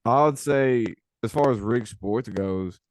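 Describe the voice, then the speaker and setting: A man's voice: medium pitch, measured pace. A young man being interviewed, talking casually with lots of filler words. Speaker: guest.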